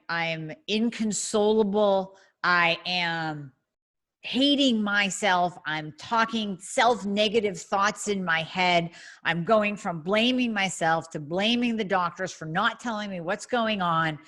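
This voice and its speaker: Blunt, emphatic middle-aged woman, lower voice. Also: fairly bright tone. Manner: blunt, emphatic, acts out scenarios. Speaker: podcast host. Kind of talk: casual solo talk.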